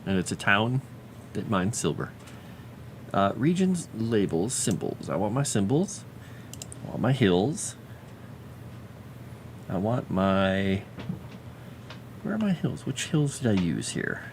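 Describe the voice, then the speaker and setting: A man's voice: lowish voice, big pitch swings, slow pace, pauses often, a little hiss or hum. A man casually chatting on a livestream while drawing a fantasy map, muttering to himself and cooing at his pet.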